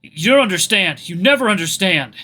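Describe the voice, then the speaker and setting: Despairing young black wolf, a man doing the voice, raised and strained, bright, emotional. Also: high voice, animated, a little fast, voice pushed up, exaggerated voice. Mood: anguished. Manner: pleading, emotional, broken.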